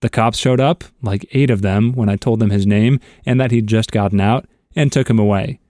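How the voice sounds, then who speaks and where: A man reading internet stories aloud as scripted narration, with a steady storytelling delivery. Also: fairly low pitch, moderate pace, no room sound, clean studio sound.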